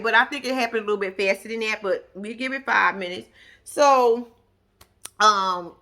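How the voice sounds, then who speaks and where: Brash, bright-voiced woman telling stories. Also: mid-range voice. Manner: animated, profane, mimics others' voices. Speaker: show recap host. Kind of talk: casual storytelling recap.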